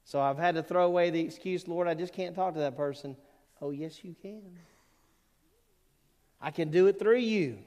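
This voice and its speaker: A man preaching a sermon as pastor, earnest, with emphatic rising peaks and quieter asides. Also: on the high side, moderate pace, long pauses. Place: church sanctuary. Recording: long reverb of a church hall.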